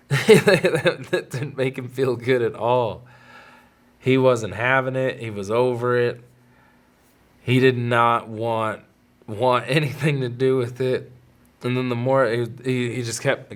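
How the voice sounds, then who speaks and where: A man in his thirties hosts a podcast and tells a family story in a loose, conversational way. He rambles, backtracks and restarts his sentences, and acts out the people he quotes. His voice sits at a middling pitch. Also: fairly even intonation, a little slow. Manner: rambling, self-interrupting, with laughs and quoted voices. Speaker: podcast host. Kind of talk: casual storytelling monologue.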